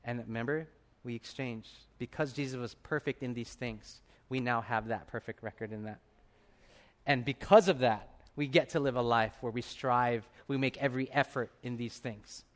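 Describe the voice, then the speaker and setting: A man in his thirties preaching a sermon as a pastor, telling a personal story with animated delivery and acted-out voices. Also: mid-range voice, normal speed.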